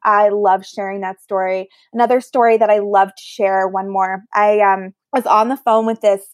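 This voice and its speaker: A woman's voice: medium pitch, normal speed, no room sound, studio quality. A woman who works as a medium, telling stories in a casual interview and acting out the voices she quotes. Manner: animated, acts out quoted voices. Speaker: medium, guest.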